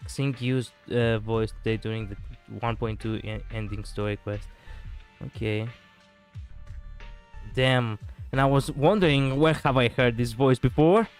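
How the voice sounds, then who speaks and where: A young man streaming a game, chatting casually and reading story text aloud, animated and laughing often with stumbles and restarts. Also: medium pitch, measured pace, faint music behind.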